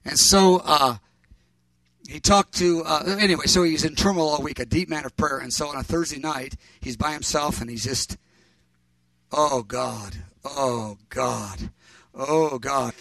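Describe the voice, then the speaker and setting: Bright-voiced preacher man, rambling. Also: a little high, normal speed, no room sound, distant mic. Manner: rambling, animated, self-correcting with fillers and restarts. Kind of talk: sermon storytelling.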